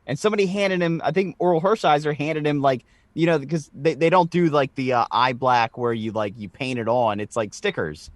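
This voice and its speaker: A man's voice: fairly high pitch, brisk, hardly any pauses, no echo. A man co-hosting a podcast, telling a story in casual chat, swearing freely with stammered restarts. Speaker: podcast co-host.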